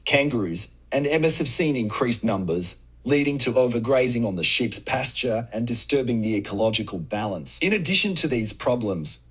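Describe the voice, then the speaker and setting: A synthetic male voice with an Australian accent reading a scripted narration in an even, matter-of-fact way. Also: mid-range voice, slightly rough, low-quality recording. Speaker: AI-generated narrator voice.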